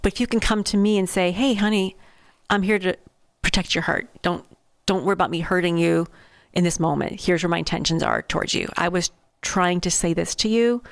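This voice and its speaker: A woman's voice: fairly low pitch, brisk, dry recording, clean studio sound. A woman co-hosting a podcast about marriage, reflective, often voicing quoted lines in conversation. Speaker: podcast co-host. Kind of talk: casual marriage chat.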